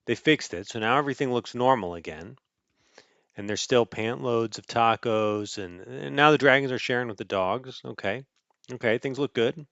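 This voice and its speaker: A man reads a picture book aloud in a playful, animated way, tossing in sound effects as he goes. His voice sits at an ordinary middle pitch and sounds close and dry, a little dull and muffled. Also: moderate pace, creaky, dry recording. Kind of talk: casual storybook read-aloud.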